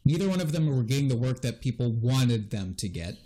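A man's voice: mid-range voice, sing-song, brisk, mellow. Playful young podcast host, man. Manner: playful, laughs often, teasing. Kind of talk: casual podcast chat.

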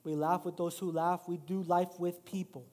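A man's voice: high-pitched, flat delivery, normal speed, a little mellow. A middle-aged male pastor preaching a sermon in a church, mixing casual, self-deprecating stories with rising emphatic exhortation. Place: church sanctuary. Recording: long hall reverb.

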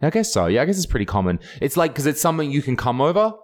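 An Australian man, a comedian, telling stories in casual chat, animated and sweary with frequent laughter. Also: on the high side, very fast.

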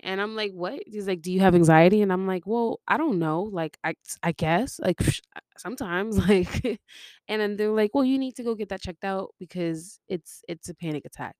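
A woman's voice: mid-range voice, normal speed, a little mellow, dry recording, clean studio sound. A young woman hosting her own podcast, telling a personal story in a rambling, casual way, jumping between tangents and laughing often. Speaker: podcast host. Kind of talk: casual confessional monologue.

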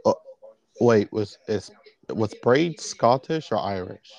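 A man narrating and chatting casually during a fan role-play, rambling and halting. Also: on the low side, lively intonation, gravelly, a little mellow, low-quality recording. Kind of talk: casual chat.

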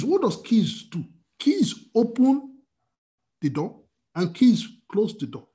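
A man preaching a sermon as pastor, animated, quizzing his listeners with questions and answering them himself. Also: high-pitched. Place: church service streamed on video call.

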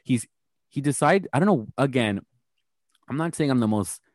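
A man's voice: mid-range voice, lively intonation, moderate pace, no room sound, studio quality. A man co-hosting a podcast, chatting casually and bluntly with lots of swearing and rambling fillers. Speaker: podcast co-host. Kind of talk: casual chat.

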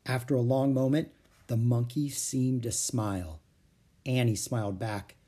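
A man reading a children's chapter book aloud as a storyteller, with expressive, animated delivery. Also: mid-range voice, a little slow.

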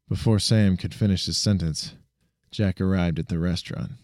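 A man's voice: deep voice, steady tone, normal speed, darkish tone, no room sound, clean studio sound. A man reading an action story aloud, often stumbling and restarting his sentences. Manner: frequent restarts and self-corrections. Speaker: narrator.

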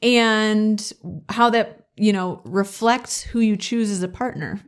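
A woman co-hosting a casual podcast chat, talking in a chatty, drawn-out way with lots of fillers. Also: mid-range voice, fairly even intonation, clean tone. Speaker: podcast co-host.

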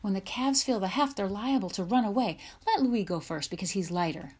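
Woman reader doing a boastful farm boy, voice pitched up and pushed louder. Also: brisk, husky, lightly acted. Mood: bossy. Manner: raised pitch, louder, plain country phrasing. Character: boastful young farm boy, eager and stubborn.

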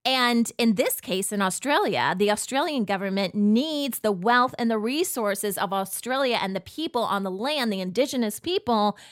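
A woman's voice: fairly high pitch, lively intonation, moderate pace, few pauses, no room sound, studio quality. A woman from the United States hosting an online show, talking in a chatty, emphatic monologue full of asides. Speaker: host. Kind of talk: casual monologue commentary.

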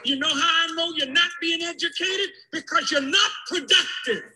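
A man giving a fiery sermon, impassioned, swinging from shouts to hushed near-whispers. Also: very high voice, moderate pace, low-quality recording. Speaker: speaker addressing a congregation.

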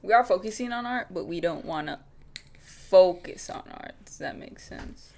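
A woman's voice: lowish voice, animated, moderate pace, vocal fry, a little mellow. Playful woman co-host with light hiss. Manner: playful, swearing, jokey asides. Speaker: podcast co-host. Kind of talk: casual chat.

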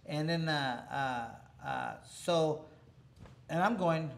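Rambling storyteller man, fairly high voice. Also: slow, gravelly. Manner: rambling, many restarts, laughs while telling. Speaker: former boxer telling a story. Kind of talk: casual storytelling interview.

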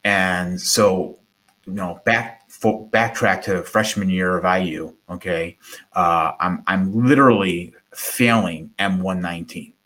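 Lowish-voiced man telling a story. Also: takes it slowly. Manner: animated, acts out quoted voices, repeats words. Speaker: guest. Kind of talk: conversational storytelling.

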